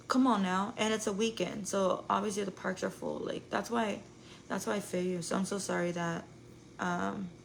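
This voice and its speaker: A woman's voice: mid-range voice, vocal fry, slight background noise, low-quality recording. A young woman telling a rambling story to her live viewers, full of "like" and swearing. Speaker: live streamer.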